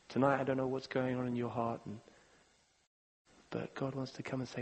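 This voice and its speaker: A man preaching a sermon, earnest and halting, repeating words and swinging between loud appeals and hushed moments. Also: medium pitch, level tone, slightly rough. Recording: long reverb of a large hall.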